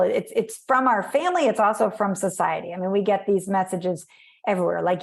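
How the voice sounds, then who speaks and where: A woman guest on a podcast, chatting in an animated way, acting out little voices and using many fillers. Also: medium pitch, normal speed, gravelly. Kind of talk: conversational podcast interview.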